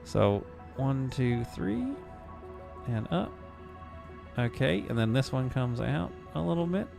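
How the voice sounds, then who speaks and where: A man's voice: mid-range voice, lively intonation, slow pace, creaky, over music. A man casually talking through a game on a live stream, reading viewer comments aloud. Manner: casual, chatty, reads chat aloud.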